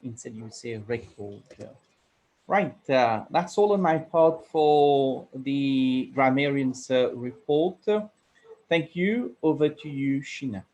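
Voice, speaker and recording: A man's voice: mid-range voice, slow pace, a little mellow. A man giving the grammarian's report at an online club meeting, speaking carefully with many filler sounds. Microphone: video call.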